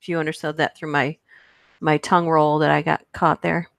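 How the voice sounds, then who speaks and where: A woman hosts a casual livestream, chatting playfully with viewers, laughing often and reading movie quotes aloud. Her voice sits low with a level tone and vocal fry, she talks a little fast, and there's no echo.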